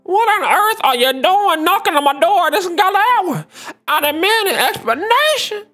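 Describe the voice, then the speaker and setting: A furious, demanding neighbor woman in a piercing high falsetto, as a man puts her on while reading game lines aloud. She sounds indignant and bossy, her voice pushed up high and a little louder than the speaker's usual talk. Faint music plays behind. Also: lively intonation, normal speed, exaggerated voice. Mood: outraged. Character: shrill angry middle-aged woman neighbor.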